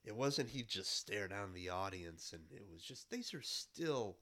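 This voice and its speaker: Podcast host, thirties, male, slightly low voice, head cold, halting nostalgic ramble. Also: lively intonation, a bit bright. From Midwestern United States. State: has a cold. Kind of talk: casual monologue.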